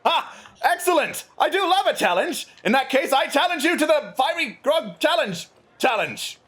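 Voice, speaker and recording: Guy doing a big excited prince voice, way higher than his own, super formal and loud. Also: normal speed, exaggerated voice. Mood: delighted. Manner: loud, exclamatory, overly formal. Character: eager, grandiose young male prince.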